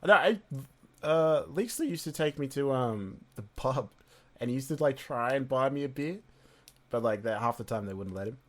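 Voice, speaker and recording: A man's voice: medium pitch, lively intonation, moderate pace, a bit bright. A young man co-hosting a podcast, telling rambling stories in casual chat and laughing often. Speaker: podcast co-host.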